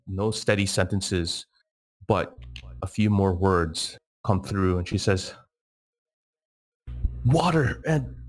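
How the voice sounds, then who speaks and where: A man narrating a tabletop game as game master, in a measured way with frequent fillers. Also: sits low.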